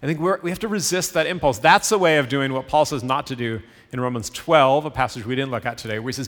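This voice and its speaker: A man's voice: mid-range voice, quick pace, few pauses, a bit bright. A man preaching a sermon as pastor, talking in a loose, conversational way with frequent fillers. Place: church sanctuary. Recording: hall reverb.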